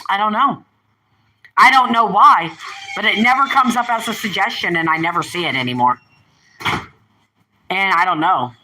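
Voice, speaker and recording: A woman's voice: medium pitch, normal speed, pauses often, pushed and bright, a little hiss or hum, poor audio. An older woman hosting a casual live stream, rambling and chatty, often breaking off to talk to her pets and family. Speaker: livestream host.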